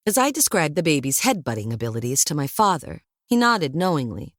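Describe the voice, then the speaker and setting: A woman narrating a first-person audiobook in a wry, lively storytelling manner. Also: low-pitched, a little fast, hardly any pauses, no room sound, clean studio sound.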